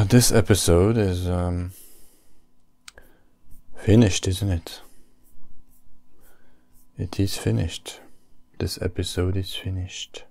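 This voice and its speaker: Brief: male podcast host, very deep and gravelly, unhurried deadpan musing. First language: French. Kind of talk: casual solo podcast musing.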